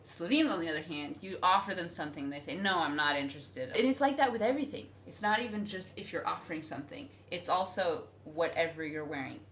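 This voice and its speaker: Lively woman vlogger. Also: fairly low pitch, quick pace, hardly any pauses, slight background noise. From United States. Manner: animated storytelling, acting out voices. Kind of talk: casual chat.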